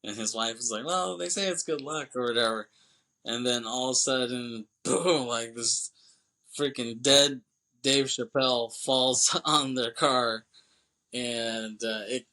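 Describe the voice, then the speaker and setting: A man's voice: mid-range voice, sharp tone, poor audio. A young man on a podcast, casually retelling a movie plot in a rambling way and briefly voicing the characters. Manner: rambling retelling, quoting characters with quick voice shifts. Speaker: podcast co-host.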